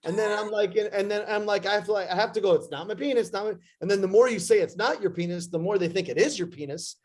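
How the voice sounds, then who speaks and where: A middle-aged actor telling profane, animated stories in a casual interview, acting out other people's lines as he goes. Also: sits high, fast talker. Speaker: actor guest.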